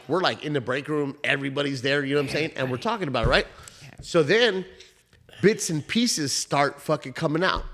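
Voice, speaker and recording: A young man telling a story on a casual podcast, swearing freely and acting out every line of the dialogue. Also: medium pitch. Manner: profane, animated storyteller acting out both sides of the dialogue. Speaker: podcast co-host.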